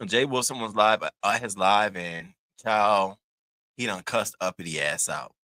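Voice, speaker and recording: A man hosting casual gossip commentary, animated and sassy, cussing freely and jumping into high squealing bursts. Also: unhurried, dry recording. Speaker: commentary host.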